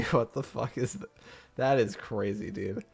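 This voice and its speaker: A man's voice: mid-range voice, takes it slowly, gravelly, slightly rough, soft background music. A young man streaming his reactions, swearing often, laughing in disbelief and stumbling through slangy restarts.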